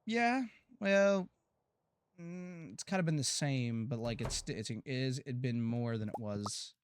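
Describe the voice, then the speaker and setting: An American man streaming a farming game, chatting casually to his viewers and often stumbling over his words before breaking into excited outbursts. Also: mid-range voice, measured pace, slight background noise. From United States. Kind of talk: casual gameplay commentary to chat.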